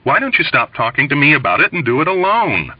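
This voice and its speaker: A man voicing a wry, exasperated young airman in a read-aloud novel. He talks tensely and sarcastically, with a lively swing. The sound is dry and slightly dull. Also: on the high side, fast talker, slightly rough, no echo, far from the mic, voice pushed up. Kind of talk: audiobook reading. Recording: dull lo-fi recording.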